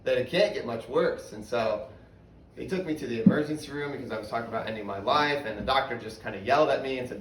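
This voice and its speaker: A young man giving a candid personal testimony in a sermon, often dropping to a hushed voice. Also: medium pitch, brisk, a little hiss or hum. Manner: candid, storytelling, drops to a hushed voice for hard memories. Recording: roomy, from a distance, faint ambience.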